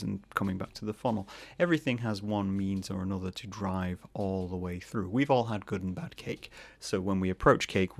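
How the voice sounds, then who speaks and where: A man talks through a solo podcast episode, rambling from thought to thought and joking along the way. His voice has a gravelly, fry-tinged edge, and he sits right on a close mic in a dry, dead room. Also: fairly low pitch, dry recording. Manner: rambling, jokey, breaks into quick put-on voices. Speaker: podcast host.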